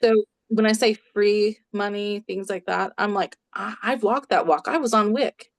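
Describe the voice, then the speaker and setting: A woman in her forties, a clinical social worker, telling animated stories as a podcast guest from her home office and acting out quoted voices. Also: medium pitch, a little slow, creaky. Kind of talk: casual storytelling in a podcast interview.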